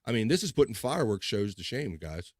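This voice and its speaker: A man's voice: lowish voice, very animated, brisk, no echo, studio quality. A man hosting a casual livestream, chatting loosely, swearing and laughing as he reads comments. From Baltimore. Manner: loose, profane, laughs often. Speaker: livestream host. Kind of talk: casual chat reading live comments.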